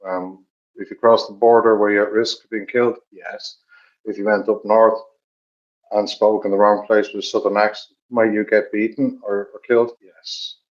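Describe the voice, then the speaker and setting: A middle-aged man from Dublin with an Irish accent, telling stories in a measured, reflective way with many pauses. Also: on the low side, little pitch movement. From Ireland. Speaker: podcast co-host. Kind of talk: reflective storytelling chat. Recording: dull lo-fi recording.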